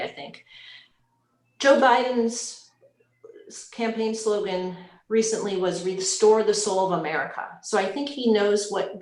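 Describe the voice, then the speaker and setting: Earnest woman panelist in an echoey room. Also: on the low side. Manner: earnest, measured, with frequent restarts. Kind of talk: recorded panel discussion.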